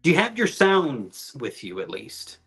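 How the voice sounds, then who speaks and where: A man's voice: mid-range voice, wildly swooping pitch, a little slow, a bit bright. A man, a police sergeant guest chatting casually and teasing the host. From Canada. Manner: easygoing, teasing. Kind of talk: casual interview chat.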